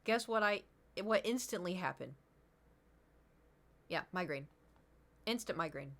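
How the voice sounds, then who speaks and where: A woman's voice: on the low side, measured pace. A young woman streamer casually telling a long story to her chat, acting out what her friends said, rambling and restarting. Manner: animated, acts out quotes of friends, rambling with restarts.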